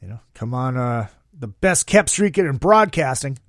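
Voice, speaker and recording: A man hosting a casual podcast, talking in a profane, excitable, jokey way. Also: medium pitch, moderate pace, dry recording, studio quality. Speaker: podcast host.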